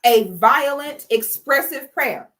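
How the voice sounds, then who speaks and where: A woman's voice: high-pitched, lively intonation, takes it slowly, bright, forceful tone. A young woman hosting a livestream from home, blunt and preachy, talking in slangy casual speech toward a phone or webcam. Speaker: host. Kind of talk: livestream commentary.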